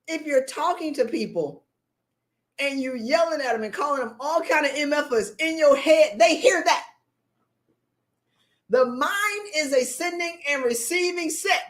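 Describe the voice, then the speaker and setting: A woman coach, talking bluntly to viewers on a live stream and preaching at them with animated energy. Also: high-pitched. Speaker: leadership coach. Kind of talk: live-stream motivational talk.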